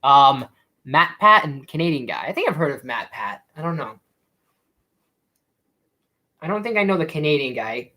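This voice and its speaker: A man's voice: a little high, animated, moderate pace, sharp tone, low-quality recording. Rambling young man chatting on a live stream. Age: young adult. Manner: rambling, full of fillers and restarts. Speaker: YouTube streamer. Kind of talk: casual live-stream chat.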